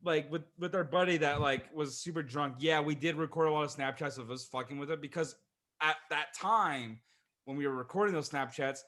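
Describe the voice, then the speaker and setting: A man's voice: fairly high pitch, brisk, a bit bright. A young man co-hosting a podcast, bantering casually, swearing and calling people bro and dude. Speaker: podcast co-host.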